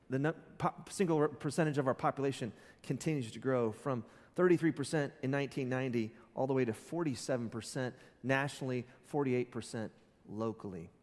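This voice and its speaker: A man's voice: medium pitch, darkish tone. A man preaching a sermon as pastor, conversational, with joking asides. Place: church sanctuary. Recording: long reverb in a church hall.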